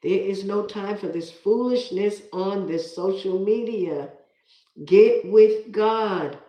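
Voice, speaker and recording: A woman's voice: medium pitch, mellow. Middle-aged woman, emphatic, in a roomy space. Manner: emphatic and preachy, repeating herself. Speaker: live streamer. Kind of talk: casual live-stream talk, reading viewer comments. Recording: roomy echo.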